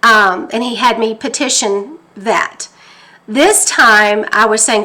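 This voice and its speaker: A woman from Texas recounts a personal testimony in a fervent, emotional way, quoting her own prayers aloud. Her voice sits a little high and sounds bright and forceful. She talks from her kitchen table at home. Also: takes it slowly. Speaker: faith teacher.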